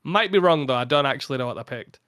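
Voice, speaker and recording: A tired young man chatting casually on a podcast about his gaming channel, rambling with frequent laughs and a slightly flat delivery. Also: mid-range voice, fast, no room sound, clean studio sound. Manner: rambling, laughs often, a little flat from fatigue. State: tired after a long day. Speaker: podcast guest, content creator.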